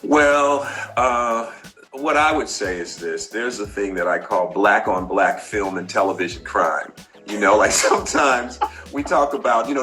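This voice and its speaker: A man's voice: fairly low pitch, rough recording. A middle-aged man, a filmmaker, telling stories in an interview and acting out the quotes. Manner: animated storyteller, acts out quotes. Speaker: filmmaker guest. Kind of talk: interview storytelling.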